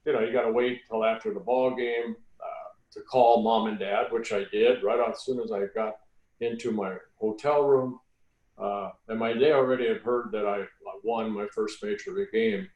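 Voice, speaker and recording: A man's voice: fairly low pitch, moderate pace. Older man telling stories in a roomy space. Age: 60s. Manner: relaxed anecdotal storytelling with many fillers. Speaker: guest, former major league pitcher. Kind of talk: storytelling in a podcast interview. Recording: roomy echo.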